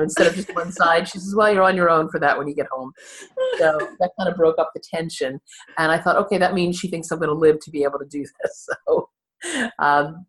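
A woman in her sixties speaks in a low, grounded voice. She tells her story candidly as an interview guest, laughing at herself along the way. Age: 60s. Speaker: therapist and podcast guest.

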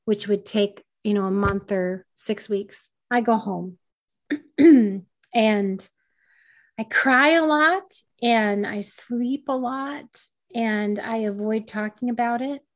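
A woman's voice: on the high side, slow pace. Candid woman telling her story. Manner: candid, self-deprecating, laughing at herself. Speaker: podcast guest. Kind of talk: personal storytelling in conversation.

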